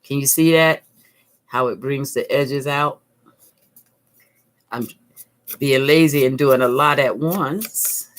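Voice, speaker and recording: Woman craft vlogger, unhurried, relaxed talk-along tutorial. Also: rumbling low. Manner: chatty, thinks aloud while working; calm, soothing.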